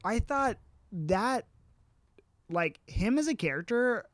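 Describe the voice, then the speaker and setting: High-voiced enthusiastic man chatting. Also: animated, slow pace, a bit bright, dry recording. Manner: enthusiastic, gushing, laughs often. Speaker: podcast co-host. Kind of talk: casual chat about comics.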